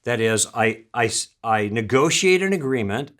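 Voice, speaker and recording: A man teaching a practical lesson in a calm, friendly way, often acting out sample lines. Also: medium pitch, normal speed. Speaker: instructor. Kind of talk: instructional talk.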